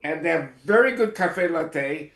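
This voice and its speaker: A man's voice: fairly high pitch, lively intonation, unhurried, creaky, fairly bright tone, roomy sound. A man from Israel, a guest in a casual interview, talking earnestly with wry asides and hesitant fillers.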